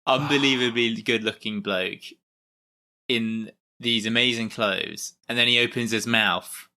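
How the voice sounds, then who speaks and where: A man's voice: medium pitch, steady tone, measured pace, sharp tone. A man co-hosting a podcast, chatting and laughing casually about a film. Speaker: podcast co-host. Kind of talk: casual chat reviewing a film.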